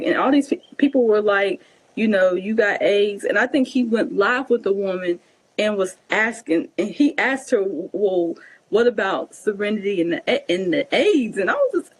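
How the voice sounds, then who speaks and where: Husky-voiced woman telling a story. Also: medium pitch, rough recording. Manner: animated, acts out quoted dialogue. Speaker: vlogger answering viewer questions. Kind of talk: casual Q&A storytelling.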